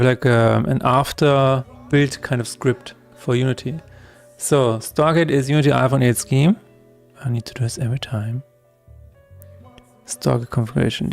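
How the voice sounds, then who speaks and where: A man's voice: medium pitch, gravelly, darkish tone. A man streaming his game development work, talking through each step aloud in a chatty, self-correcting way. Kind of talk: live-streamed coding chat.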